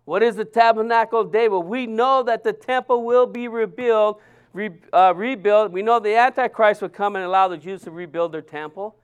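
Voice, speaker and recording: A man's voice: high-pitched, clear, resonant tone, muffled recording. A man preaching a sermon, earnest and emphatic, often restarting his sentences.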